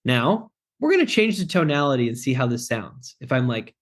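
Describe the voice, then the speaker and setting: A man's voice: medium pitch, big pitch swings, a little fast. Direct, joking man talking sales. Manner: direct, joking, acts out phone calls. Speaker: podcast guest, sales closing expert. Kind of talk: casual podcast chat.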